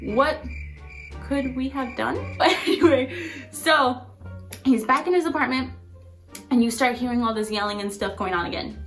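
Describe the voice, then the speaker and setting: A woman's voice: fairly high pitch, moderate pace, pauses often, fairly bright tone, faint music behind. A woman vlogger telling a personal story in a chatty, rambling way, full of fillers. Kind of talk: casual storytelling.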